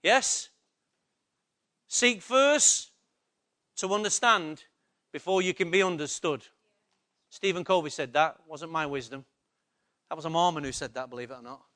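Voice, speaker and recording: Male preacher, high voice, emphatic sermon delivery, repeats lines, quizzes the congregation. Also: bright, forceful tone. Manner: emphatic, repetitive, asks the congregation questions. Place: church.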